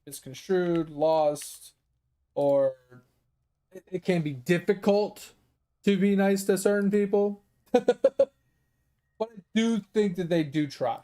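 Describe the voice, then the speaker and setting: A man chatting casually while he plays a game, telling a story with a lot of swearing and laughter. His voice sits high for a man, with a mellow, soft edge. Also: smooth. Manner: profane, animated storytelling with laughs. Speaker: gaming streamer.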